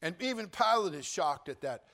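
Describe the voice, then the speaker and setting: A man preaching a sermon as pastor, speaking straight to his congregation, repeating phrases and swinging from hushed lines to shouted ones. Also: a little high, normal speed.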